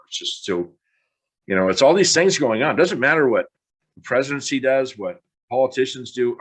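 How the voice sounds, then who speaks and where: A man's voice: mid-range voice, fast talker, a bit bright. A middle-aged man hosting a podcast, talking bluntly in a frustrated monologue and swearing casually. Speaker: podcast host.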